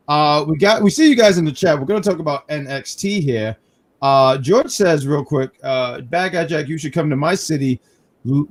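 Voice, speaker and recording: A man from New York hosting a casual live wrestling review stream, telling animated stories with self-mocking jokes. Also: on the high side. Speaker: podcast host.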